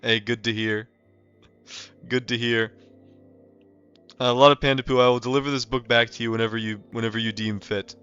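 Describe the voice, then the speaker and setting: Playing a game on a live stream, a young man from North America rambles casually, his talk full of "um" and "like." He speaks a little fast but with long pauses, in a steady, clear, resonant mid-range voice that's fairly bright. Faint music plays under the slightly muffled audio.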